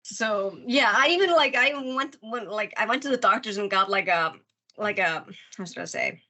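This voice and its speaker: A woman's voice: mid-range voice, expressive, moderate pace, sharp tone. A woman on a casual podcast, stuffy and nasal from illness, swearing freely and searching for words.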